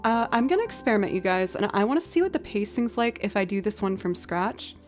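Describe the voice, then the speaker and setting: A woman's voice: medium pitch, sing-song, a little fast, soft background music. An American woman from near Boston, a musician streamer, chatting casually and thinking aloud between songs. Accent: American, light Southern slips. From outside Boston, USA. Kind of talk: casual live-stream chat.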